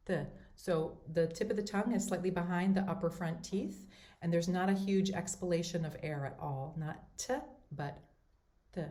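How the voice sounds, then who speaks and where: A woman teaching singing, with a fairly low speaking voice. She explains each point clearly and methodically, and her voice rings in a roomy space. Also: mellow. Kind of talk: instructional voice lesson. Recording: roomy echo.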